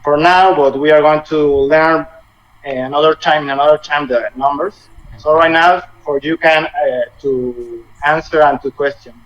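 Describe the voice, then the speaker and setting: A man in his twenties teaching a language lesson over a video call, halting and often rephrasing as he explains. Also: fairly high pitch, steady tone, fairly bright tone. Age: 20s. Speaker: Spanish teacher. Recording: muffled video call audio with faint noise.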